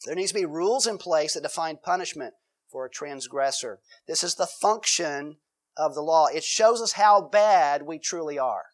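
A pastor delivers a sermon in a relaxed, conversational way. His voice sits high for a man. He reads scripture aloud and slips into quoted voices to act out everyday examples.

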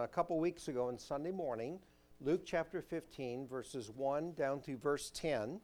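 A man pastor preaching a sermon, introducing a scripture passage and reading it aloud in a measured way. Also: medium pitch, a little mellow.

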